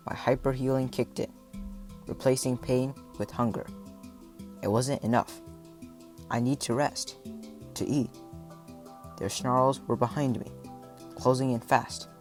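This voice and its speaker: A man reading a first-person adventure story aloud, with dramatic delivery and voiced shouts and animal sounds. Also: mid-range voice, fairly even intonation, takes it slowly, long pauses, faint music behind. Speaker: audiobook narrator.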